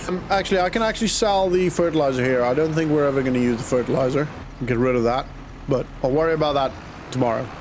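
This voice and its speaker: A man's voice: fairly high pitch, background noise. Chatty man thinking aloud over gameplay. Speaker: gaming channel host. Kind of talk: casual let's-play commentary.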